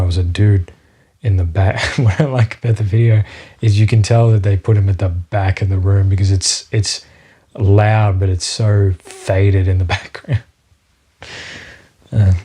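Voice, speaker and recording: Deep husky man rambling on a podcast. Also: dark tone. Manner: rambling, profane, sidetracked, with many fillers. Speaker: podcast host. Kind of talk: rambling solo podcast monologue.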